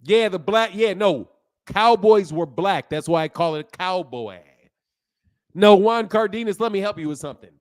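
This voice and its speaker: Male stream host with a high voice. Heated, slangy, repetitive lecturer answering chat. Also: animated, moderate pace. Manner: heated, lecturing, loose slang, repeats himself. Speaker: livestream host. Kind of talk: casual livestream talk, answering chat.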